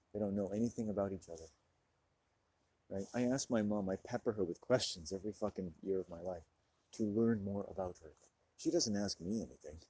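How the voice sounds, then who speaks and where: A man's voice: low-pitched, warm tone, slightly rough, low-quality recording. A man delivering a profane, preaching monologue to his camera, smoking and drinking as he talks. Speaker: vlogger.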